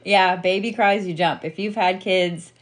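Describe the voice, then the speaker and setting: A woman's voice: on the low side, fairly even intonation, unhurried. A woman giving a reiki and wax reading in a casual live chat. She swears freely, laughs often and reassures the listener by calling them sweetie.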